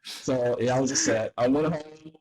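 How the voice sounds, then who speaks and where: A man's voice: medium pitch, normal speed, low-quality recording. A man, a farmer and podcast guest from North Carolina, telling a story in a casual interview and acting out the dialogue. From North Carolina, USA. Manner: animated, acts out dialogue with laughs.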